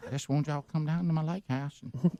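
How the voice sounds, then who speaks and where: A man's voice: on the high side, steady tone, quick pace, dark tone, clean tone, no echo, dull audio. A man hosting a radio show, telling a story with lots of laughter and repeated "I said". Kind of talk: morning radio banter and storytelling.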